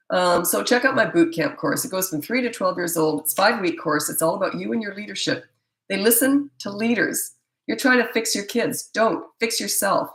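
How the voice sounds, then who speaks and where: A woman's voice: fairly low pitch, vocal fry, a bit bright. A middle-aged woman, a parenting coach, answering viewer questions in a blunt, emphatic and opinionated way. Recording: echoey room.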